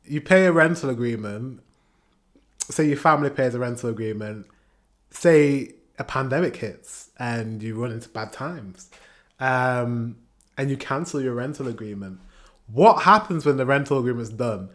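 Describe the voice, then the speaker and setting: A man's voice: medium pitch, normal speed. A man hosting a reaction video, talking casually, laughing often and repeating rhetorical questions. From United Kingdom.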